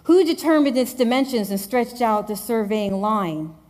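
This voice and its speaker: A woman's voice: fairly high pitch, expressive, moderate pace, darkish tone, close to an everyday voice. A woman preacher voicing God as a stern, demanding male figure who fires off challenging questions. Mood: commanding.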